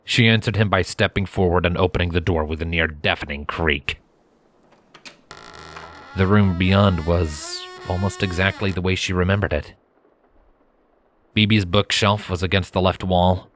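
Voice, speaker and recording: A man reading a fanfiction story aloud in steady, measured narration. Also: low voice, a little hiss or hum. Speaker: fanfiction reader.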